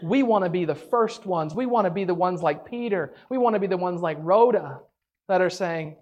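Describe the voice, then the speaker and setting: A woman teaching a Bible story in a casual, animated way, chatty and full of "like", acting out the characters' lines. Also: fairly low pitch. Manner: animated, acts out the characters' lines in quick voices; chatty, peppered with "like".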